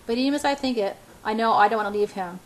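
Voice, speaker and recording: A woman's voice: fairly high pitch, fast, poor audio. Woman reading a novel aloud, stumbling. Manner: frequent stumbles and restarts. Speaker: audiobook reader. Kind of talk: first-person novel narration.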